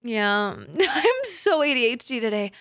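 A woman streaming a game, chatting with her audience in a giggly, excitable way full of crude jokes. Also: a little high, unhurried, no echo, studio quality. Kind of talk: casual live-stream chat.

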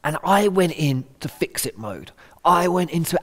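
A man's voice: on the high side, a little slow, long reverb tail. A middle-aged man giving a conversational, earnest sermon talk, acting out quotes as he goes. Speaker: Christian speaker.

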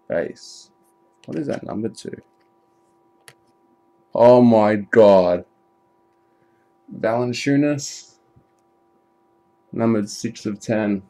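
A man with a lowish voice giving casual live commentary while he opens trading card packs. He talks in an unhurried drawl, swears freely and breaks into loud excited shouts at good pulls. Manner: chatty and profane, bursts into excited shouting.

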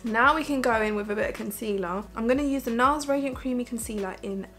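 Soft music plays behind a fast-talking woman whose voice sits on the high side with a fairly bright tone. She chats loosely through her makeup for viewers, get-ready-with-me style, leaning heavily on the word "like."

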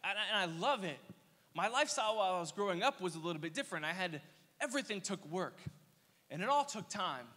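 A young man preaching a casual youth sermon, telling energetic, slangy stories with playful asides. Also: high voice, fast. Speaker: youth pastor. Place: church hall. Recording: long reverb of a church hall.

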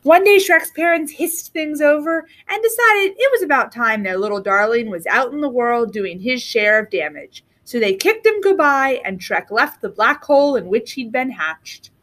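A woman teacher reads a picture book aloud with expressive storytelling. Her voice is on the higher side and moves a lot in pitch. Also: moderate pace, hardly any pauses.

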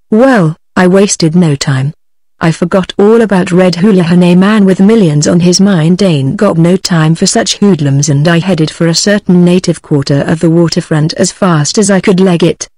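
A woman's voice: fairly low pitch, dry recording. Synthetic British woman reading a book. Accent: British English. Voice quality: even synthetic delivery. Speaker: audiobook narrator. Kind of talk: text-to-speech book reading.

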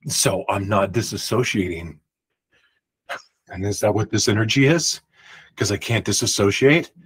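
A man host telling a personal story in a rambling, animated way, often cutting himself off. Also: fairly low pitch, normal speed, slightly rough, poor audio. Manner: rambling, animated, self-interrupting retelling.

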